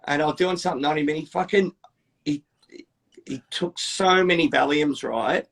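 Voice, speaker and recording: Male tattooist, husky and gravelly, sweary casual storyteller. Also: a little high, moderate pace, a bit bright. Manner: swearing storyteller, acts out quotes. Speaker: tattoo artist. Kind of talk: casual chat.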